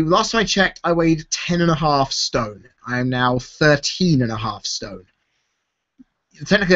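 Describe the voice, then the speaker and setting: A man's voice: fairly high pitch, fairly bright tone, muffled recording. A young man hosting a live question-and-answer chat for his viewers, talking candidly and rambling as he answers. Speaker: YouTuber host. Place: home, seated in a chair.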